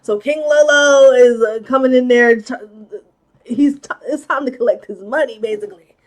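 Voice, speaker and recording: Chatty young woman, high voice, movie-recap commentator who exclaims in disbelief. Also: normal speed. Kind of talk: casual plot recap commentary.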